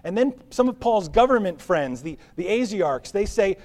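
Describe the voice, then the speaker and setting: A man preaching a sermon as pastor, with a conversational, animated delivery. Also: high-pitched, moderate pace. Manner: animated, conversational preaching with acted-out crowd voices.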